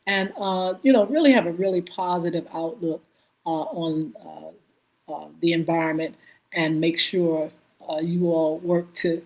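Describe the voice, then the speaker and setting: A woman hosting a live-stream podcast, greeting chat viewers by name and pausing often on filler sounds. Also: fairly low pitch, a little mellow. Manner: halting, many filler "uh"s. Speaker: podcast host.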